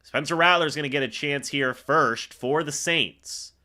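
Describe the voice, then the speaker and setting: A young man hosting a live fan reaction stream, calling the plays as he watches and getting excitable on big moments. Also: a little high, unhurried. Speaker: fan livestream host.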